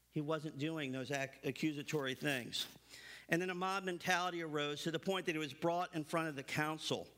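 Bright high-voiced male preacher. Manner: emphatic, builds to animated high-pitched stresses; reads scripture aloud between remarks. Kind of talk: sermon.

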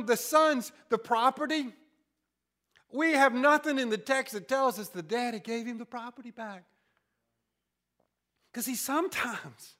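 A preacher delivering a sermon as dramatic storytelling, swinging between loud exclamations and hushed, whispered passages. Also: medium pitch.

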